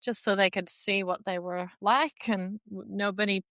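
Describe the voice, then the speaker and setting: A woman's voice: mid-range voice, fairly even intonation, moderate pace, fairly bright tone, no echo. A woman from the United States co-hosting a podcast in casual chat, playful and teasing, laughing a lot. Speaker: podcast co-host.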